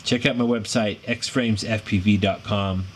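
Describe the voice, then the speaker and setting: A man's voice: fairly low pitch, fairly even intonation, normal speed. A middle-aged American man with a rambling, apologetic manner, chatting through a drone frame build on his own channel. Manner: rambling, self-deprecating, apologetic, growls when frustrated. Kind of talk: casual build tutorial chat. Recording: audible background noise.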